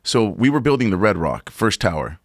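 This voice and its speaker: Man swearing through a story, low voice, dry close mic, keeps saying bro. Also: fairly quick, dry recording. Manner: profane, animated, says "bro" often. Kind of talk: casual storytelling.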